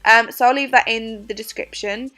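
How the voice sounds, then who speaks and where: Chatty girl, high bright voice, giggly makeup vlog voice-over, faint music underneath. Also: fairly even intonation, normal speed. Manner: chatty, giggly, self-mocking. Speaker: beauty vlogger. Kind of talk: casual makeup tutorial voice-over.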